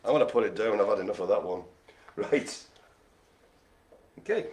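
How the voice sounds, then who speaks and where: A man's voice: fairly low pitch, animated, moderate pace, darkish tone. A man hosting a live bingo game, cracking puns, laughing often and rambling in chatty asides. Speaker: bingo host. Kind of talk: live-streamed bingo calling.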